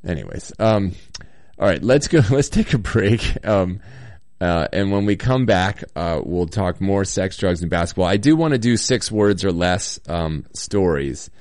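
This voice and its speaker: Low-voiced man rambling with a slight cold. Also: expressive, darkish tone, no room sound, studio quality. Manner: rambling, halting, many ums and chuckles. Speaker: podcast host reading listener comments. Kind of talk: casual solo chat. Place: hotel room.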